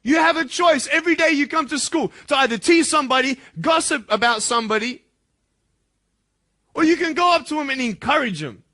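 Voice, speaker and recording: A man giving a motivational speech to school students, impassioned and swinging from soft, intimate lines to loud, emphatic ones. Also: very high-pitched, fairly quick.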